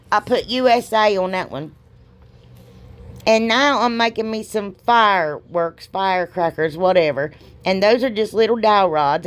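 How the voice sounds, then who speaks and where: Middle-aged woman, rambling craft voice-over, self-deprecating, folksy. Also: medium pitch. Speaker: craft video host.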